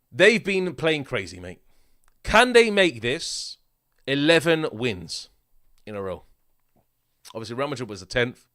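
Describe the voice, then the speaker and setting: A man hosting a casual football preview, animated and repetitive, ending lines with "mate" and "yeah?". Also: medium pitch, no room sound, clean studio sound. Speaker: football channel host.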